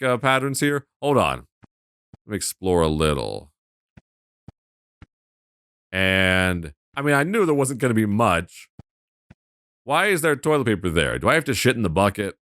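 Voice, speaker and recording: A man commenting on a game he is playing, joking crudely and sarcastically. His pitch swings in an animated way. The close mic gives a dry sound with no room echo. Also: unhurried, long pauses. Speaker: gameplay commentator. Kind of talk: casual gameplay commentary.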